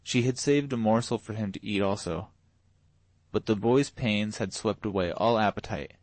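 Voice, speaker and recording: An audiobook narrator reads an old novel as scripted narration at a moderate pace. His voice is lowish, and the recording sounds dry and close.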